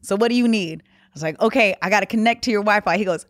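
A woman guest on a podcast, telling a story in casual chat, lively and exasperated as she quotes others. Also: medium pitch, quick pace, no echo, clean studio sound.

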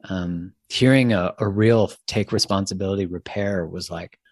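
A man with a lowish voice hosts a podcast conversation. He is earnest and thoughtful and often halts mid-phrase. His voice is recorded dry, with no room sound. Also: fairly even intonation, moderate pace, no room sound. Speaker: podcast host.

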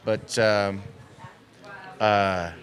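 A man being interviewed as an actor, chatting casually and joking in playful, animated bursts. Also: fairly low pitch, very slow.

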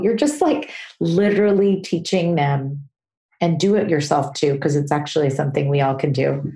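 A woman answers listener questions on her parenting podcast. Her voice sits fairly low and mellow, and she sounds earnest, acting out little examples along the way. The recording has a noticeably roomy echo. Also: normal speed. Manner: warm, earnest, explains with acted examples. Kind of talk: solo advice talk.

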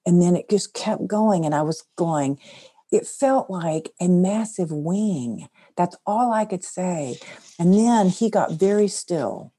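A middle-aged woman with a low, deep-set voice tells a personal story in an interview. She is earnest and soft-spoken, and her voice drops quietly at the serious parts. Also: animated, takes it slowly. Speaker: guest.

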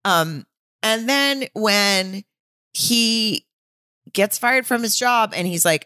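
A woman's voice: mid-range voice, animated, slow, bright, forceful tone, dry recording, clean studio sound. A woman co-hosting a podcast in casual chat, blunt and exasperated, swearing freely. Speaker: podcast co-host.

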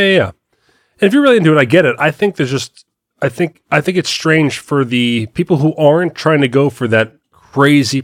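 A man's voice: mid-range voice, dry recording, clean studio sound. A man in his forties telling stories in casual podcast chat, laughing often. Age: 40s. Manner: chatty storyteller, laughs often. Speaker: podcast co-host.

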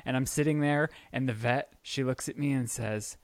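A podcast co-host chats casually, animatedly acting out the people in his stories. His voice is medium-pitched at a normal speed, in a dry recording.

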